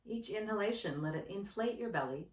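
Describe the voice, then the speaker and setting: A woman who works as a yoga therapist, guiding a breathing practice in a slow, gentle, soothing manner. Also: medium pitch, lively intonation. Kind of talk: guided breathing instruction. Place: indoor room with yoga mat. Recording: roomy, distant from the mic.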